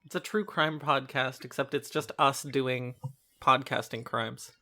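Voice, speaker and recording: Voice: mid-range voice, steady tone, a little slow, sharp tone. A podcast co-host in casual chat, rambling and hesitant with many ums.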